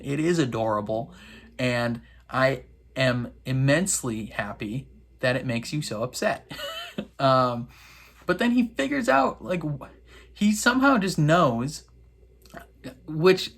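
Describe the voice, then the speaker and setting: A man in casual reaction commentary, chatty and wry, laughing often and filling pauses with "um". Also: a bit bright. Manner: acts out characters' lines in quick high voices. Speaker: reaction video host.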